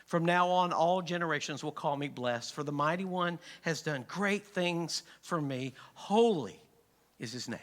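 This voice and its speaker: A middle-aged pastor preaches with a high, bright voice. He tells a funny story and moves easily from soft, low asides to loud punchlines. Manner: humorous storytelling, animated, swings from soft to loud. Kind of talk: sermon. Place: church sanctuary.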